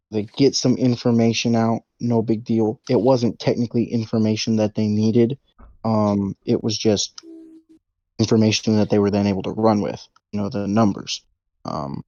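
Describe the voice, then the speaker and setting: A man's voice: lowish voice, mellow, no room sound, lo-fi sound. A man co-hosting a podcast, retelling a movie plot casually and animatedly with sound effects. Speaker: podcast co-host.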